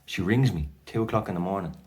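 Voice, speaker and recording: A man's voice: deep voice, fast, darkish tone, slight background noise. An Irish man telling a personal story casually to camera, rambling with lots of fillers and restarts. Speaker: vlogger sharing his anxiety story.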